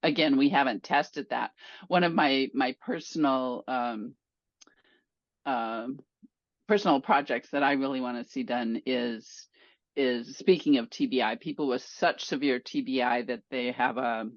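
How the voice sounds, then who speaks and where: A woman's voice: extremely low pitch, unhurried, dry recording, dull audio. A woman researcher speaking casually on a panel discussion, joking and laughing often.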